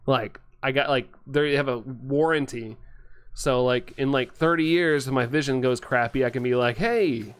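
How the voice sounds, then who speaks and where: A man's voice: mid-range voice, fairly even intonation, moderate pace, clear, resonant tone. Rambling young man streaming a game. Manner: rambling, filler-heavy, laughs often. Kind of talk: casual chat while playing, reading chat.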